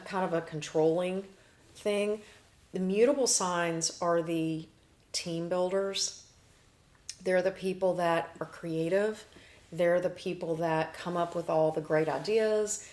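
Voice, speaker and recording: A woman hosting a casual talk show, explaining ideas in lists with quick restarts. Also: on the low side, a little mellow. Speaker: astrology show host.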